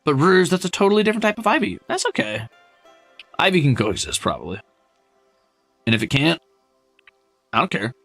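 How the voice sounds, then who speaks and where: Gravelly, lively male streamer. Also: on the high side, a little fast, long pauses, no room sound, faint music behind. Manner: animated, swearing, self-mocking. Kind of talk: casual game stream chat.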